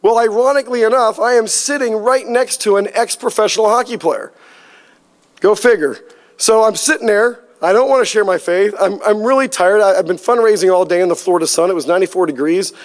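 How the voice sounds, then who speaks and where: Guy preaching, fairly high voice, chatty storytelling, does little voices for people. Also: brisk. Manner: storytelling, animated, acts out quoted dialogue. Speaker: pastor. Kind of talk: sermon.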